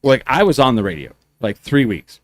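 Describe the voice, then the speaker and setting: A man's voice: medium pitch, big pitch swings, normal speed, no echo. A man co-hosting a podcast, telling rambling anecdotes in casual chat and swearing freely. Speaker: podcast co-host.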